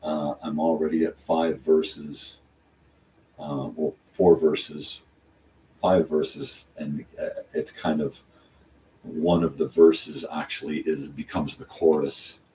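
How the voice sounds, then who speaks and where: An older man with a very low voice wanders through a casual, rambling monologue, stopping and restarting his thoughts. He sits some distance from the mic, and a faint hiss of room noise sits under his voice. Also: level tone, slow pace, dark tone. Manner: meandering, talks through his songwriting with many fillers and restarts. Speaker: channel host.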